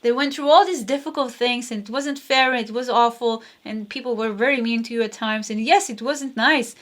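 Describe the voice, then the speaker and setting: Woman, tarot reader, slightly high voice, chatty, rambling, soft laughs. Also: brisk. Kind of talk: casual spoken tarot reading.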